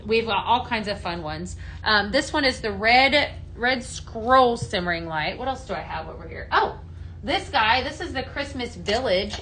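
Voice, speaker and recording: A woman's voice: on the high side, sharp tone, slight background noise. A woman from the American Midwest hosting a live product demo, chatty and enthusiastic, greeting viewers by name. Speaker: home fragrance consultant hosting a live sale.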